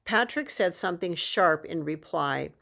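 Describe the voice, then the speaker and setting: A woman reading a children's novel aloud in a steady, expressive storytelling manner. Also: fairly low pitch, measured pace, gravelly. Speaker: audiobook reader.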